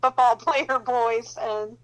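A woman telling a faith testimony in a casual, animated way, often laughing and acting out what people said. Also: on the high side, slow pace, rough recording. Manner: animated storyteller who laughs often and acts out dialogue. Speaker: Christian counselor sharing her testimony.

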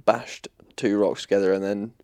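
A man's voice: fairly low pitch, little pitch movement, moderate pace, dark tone, no echo. A young man with a Leicester accent, co-hosting a podcast in laid-back, playful chat. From England. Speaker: podcast co-host. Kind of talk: casual chat.

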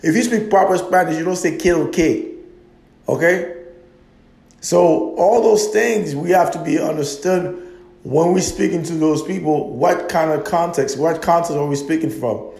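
A man's voice: fairly high pitch, normal speed, gravelly, darkish tone. Emphatic man ranting in a roomy space. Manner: emphatic, argumentative, repeats points. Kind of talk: opinionated monologue. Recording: roomy echo.

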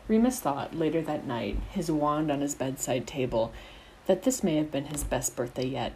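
A woman's voice: sits low, animated, normal speed, mellow, slight background noise, poor audio. A woman reading a fan fiction story aloud as the narrator. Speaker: narrator, audiobook reader.

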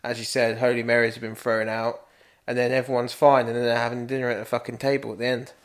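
A young man chatting on a podcast with friends. He rambles through his stories and swears freely. His voice sits at a middling pitch. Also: flat delivery, fast. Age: young adult. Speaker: podcast co-host. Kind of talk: casual chat.

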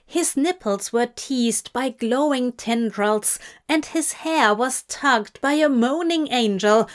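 A woman narrating a fan story in a slow, measured reading voice. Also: on the high side. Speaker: audiobook reader. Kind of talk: scripted narration.

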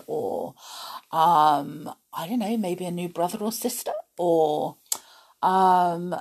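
A middle-aged woman reading a storybook chapter aloud to children, with giggly, chatty asides between expressive narration. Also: fairly low pitch, gravelly, breathy edge.

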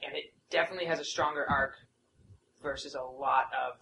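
An eager co-host of a casual movie podcast who jumps in often with agreement and opinions. The voice is at a middle pitch, with a little background noise. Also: steady tone, vocal fry, sharp tone, echoey room, rough recording. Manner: enthusiastic, quick to agree and chime in. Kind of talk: casual film discussion.

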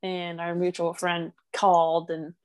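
A woman's voice: lowish voice, monotone, smooth. Chatty emotional woman. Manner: chatty and emotional, quick bursts of speech. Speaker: friend and mother. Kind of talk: casual chat.

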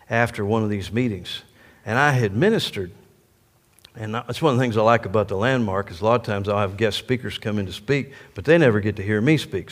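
An older man, a pastor, telling a story in a sermon in an animated way and laughing along with it. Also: fairly low pitch. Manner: animated, laughs through his own story. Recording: long echo of a large hall.

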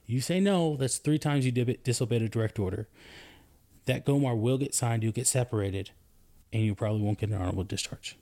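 A man, a soldier and podcast co-host, telling a story in casual chat, his voice climbing high when he gets indignant. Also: a little fast. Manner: animated storytelling, rising pitch when indignant.

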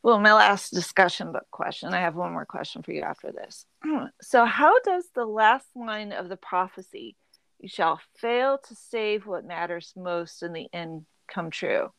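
A woman in her thirties hosting a casual book club podcast, chatty and quick to laugh. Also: on the low side, lively intonation, creaky, fairly bright tone, no echo. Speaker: podcast host.

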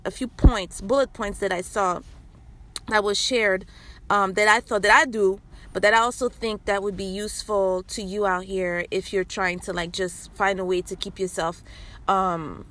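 Woman, podcast host, casual rambling chat, middle pitch, vehicle hum behind. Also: fairly bright tone. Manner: chatty, rambling, many fillers and restarts. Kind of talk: casual health talk.

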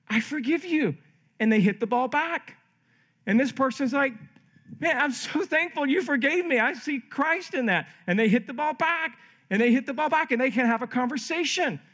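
Animated high-voiced pastor preaching. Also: male voice. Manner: animated, acts out quoted voices. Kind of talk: sermon. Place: camp meeting hall.

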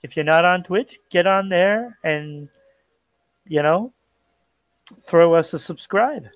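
A man co-hosting a pop culture podcast, chatting casually with relaxed restarts and plugging the show's channels. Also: high-pitched, slow pace, no echo. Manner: laid-back, chatty, with frequent restarts and plugs. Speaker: podcast co-host. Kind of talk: casual chat.

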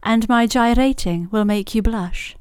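A woman putting on a slow, lilting voice as a playful cocktail riddle creature. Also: fairly high pitch, a little mellow, clean tone, dry recording, lightly acted. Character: sing-song female cocktail riddle creature.

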